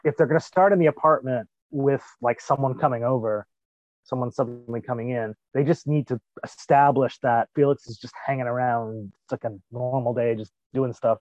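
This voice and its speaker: A man's voice: medium pitch, darkish tone, no echo. A man co-hosting a podcast, thinking aloud in casual chat about a sitcom's habits. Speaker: podcast co-host. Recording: dry, slightly dull mic.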